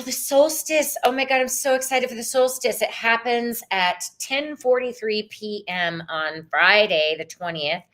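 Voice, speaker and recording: A woman with a drawl chatting through a live tarot stream, warm in her enthusiasm and quick to say "y'all." Her voice sounds a little worn and tired. She talks casually and effusively, like she is hanging out with friends. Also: on the high side. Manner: bubbly, effusive, sprinkles in "y'all", sometimes sings. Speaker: tarot reader and livestream host.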